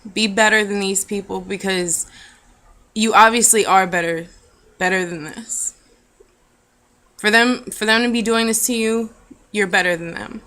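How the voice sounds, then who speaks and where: A young woman vlogger telling a personal story in an earnest, halting, emotional way. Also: medium pitch, bright, forceful tone. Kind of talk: personal confessional vlog.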